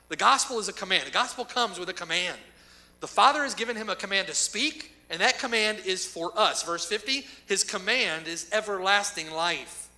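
A man's voice: sits high, pushed and bright, low-quality recording. A man preaching a sermon as pastor, emphatic, with rhetorical questions and repeated lines.

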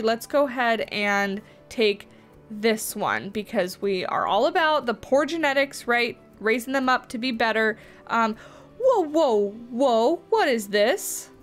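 A woman with a fairly high voice talks through her zoo-building gameplay in a loose, chatty way. She reacts out loud to each surprise in the game. Soft music plays faintly underneath. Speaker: let's play host. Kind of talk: casual gameplay commentary.

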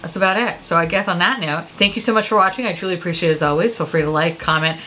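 A woman's voice: on the low side, rapid-fire, sharp tone, slight background noise. A woman beauty vlogger chatting casually while getting ready. She is tipsy and stuffy-nosed, and her talk is profane and self-mocking. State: stuffy nose. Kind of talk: casual get-ready-with-me chat.

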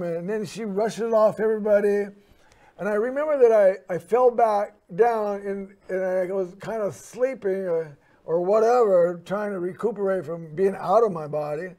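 A man's voice: high voice, normal speed, a little mellow. A man hosting a show, telling a personal story in a rambling way, full of fillers and restarts. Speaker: host.

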